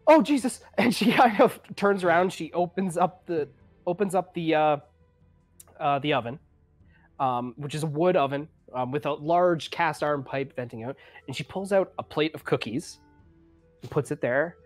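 A relaxed game master setting the scene in a tabletop game, chatty and easygoing, with frequent ums and laughter. The voice has a middling pitch. Soft music plays in the background. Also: moderate pace. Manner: casual, laughing, many ums.

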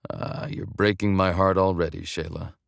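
A man's voice: low-pitched, steady tone, moderate pace, creaky, smooth, dry recording, studio quality. A man voicing a blunt, honorable former soldier in his late twenties who speaks tersely. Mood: steady.

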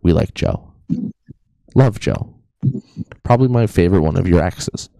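A man's voice: low-pitched, expressive, a little slow, vocal fry, dark tone, no echo. A young man co-hosting a podcast, telling a rambling story in a casual, joking way. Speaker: podcast co-host. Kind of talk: casual chat.

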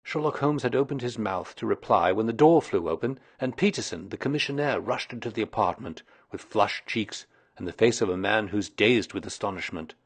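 A male storyteller reading a classic detective story aloud in a measured, expressive way. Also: lowish voice, breathy edge.

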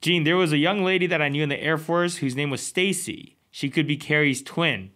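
A man talking casually to camera in a home vlog, excitable and quick to laugh. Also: on the high side. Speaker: vlogger.

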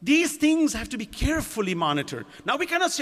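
A man's voice: very high voice, big pitch swings, fairly quick, hardly any pauses, sharp tone. A man delivering a sermon at a mosque gathering, asking the audience rhetorical questions. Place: community centre lecture hall. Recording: long hall reverb.

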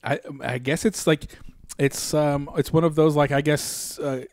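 A man's voice: a little high, fairly even intonation, a little slow, no echo, studio quality. Rambling male podcast host. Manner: rambling, filler-heavy, trailing off quietly. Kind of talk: casual chat.

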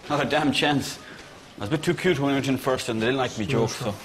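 A man's voice: medium pitch, quick pace, close to an everyday voice. An actor playing a cheeky, crude young rural Irish slacker who jokes his way through a job interview. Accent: Irish, Mayo.

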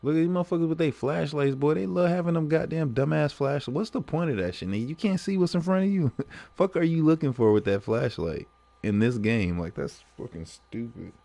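A man streaming games, telling stories in a profane, animated way and laughing often between lines. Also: fairly high pitch, brisk, gravelly, no echo. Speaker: gaming livestreamer. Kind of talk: casual livestream commentary.

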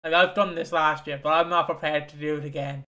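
A man's voice: fairly high pitch, steady tone, brisk, pushed and bright. A young British man co-hosting a podcast, chatting in a casual, sweary and teasing way. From Britain. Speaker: podcast co-host. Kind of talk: casual chat.

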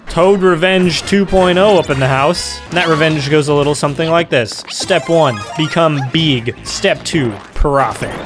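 A young man riffs through a co-op platformer, joking and bursting into exaggerated yells at his teammates. His voice sits a little high for a man. Loud game music plays underneath him the whole time. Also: moderate pace, few pauses. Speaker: gaming YouTuber. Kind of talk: let's play commentary.

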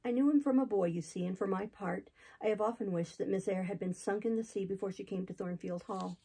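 A woman reads a gossipy, talkative older male innkeeper from a classic novel audiobook as he rambles through a grim tale, solemn but eager to share every detail. The voice is warm, low, gravelly and husky, a little fast, and the recording is rough.

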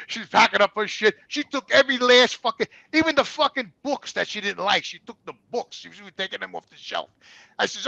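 A man's voice: high voice, animated, normal speed, creaky, bright, forceful tone, no room sound, dull audio. A man telling personal stories in a rambling, candid way, repeating words and swearing freely. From New York. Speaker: guest. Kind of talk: candid conversational storytelling.

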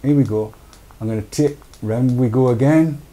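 A middle-aged man from Britain hosts a casual live stream. His voice is mellow and warm, sitting at an ordinary pitch, and he rambles in a jokey, friendly way, trailing off and picking up again. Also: moderate pace. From United Kingdom. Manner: chatty, jokey, reads viewer comments aloud. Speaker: show host.

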